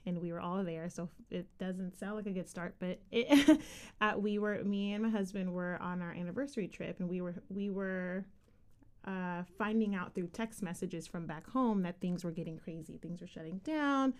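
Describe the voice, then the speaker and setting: A woman's voice: lowish voice, moderate pace. A woman hosting a faith podcast, asking questions and sharing stories in a chatty way. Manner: chatty, with frequent fillers and restarts. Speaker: podcast host. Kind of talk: casual faith podcast chat.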